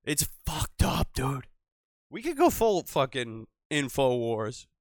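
A man hosting a call-in show, rambling and swearing, swinging from mutters to loud outbursts. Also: mid-range voice, wildly swooping pitch, takes it slowly, no echo, clean studio sound. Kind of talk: profane casual call-in show.

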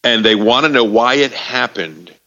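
A man talking casually about faith, halting, with many fillers and restarts. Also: medium pitch, lively intonation, sharp tone. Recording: distant hall echo, muffled sound.

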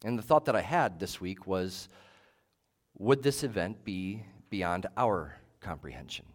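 A male pastor preaching a sermon in a measured, emphatic way, leaning on short repeated phrases. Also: sits low, lively intonation.

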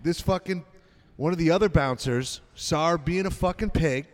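A man's voice: a little high, moderate pace, in a large hall. A man co-hosting a podcast, telling a profane nightlife story in casual chat with frequent laughs. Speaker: podcast co-host.

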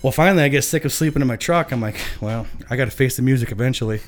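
A man's voice: medium pitch, rapid-fire. A young adult man from Michigan casually telling a long, profane story, often laughing as he talks. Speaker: podcast guest.

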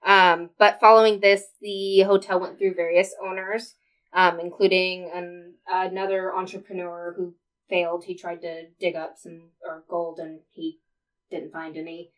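A woman's voice: fairly low pitch, flat delivery, a little slow, low-quality recording. Woman podcast co-host, chatty storyteller, lots of fillers and laughter. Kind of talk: casual chat, telling a history story.

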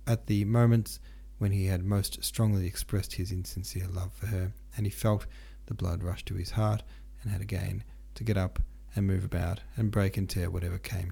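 Casting: low, gravelly male narrator for a literary audiobook, occasional restarts. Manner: steady reading with occasional stumbles and restarts.

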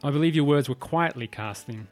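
A man running a tabletop game for a podcast, his voice sitting at an ordinary middle pitch. He talks in a wry, teasing way, with soft music underneath. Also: a little fast. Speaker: game master. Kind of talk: casual podcast chat.

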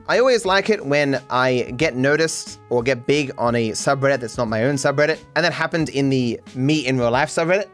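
A man hosting a solo podcast, rambling casually with lots of swearing and restarts. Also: a little high. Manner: animated, swearing, frequent restarts. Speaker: podcast host.

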